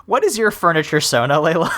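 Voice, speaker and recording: A young man co-hosting a podcast in casual chat, animated and laughing, slipping into silly voices when he quotes characters. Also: on the high side, a little fast. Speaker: podcast co-host.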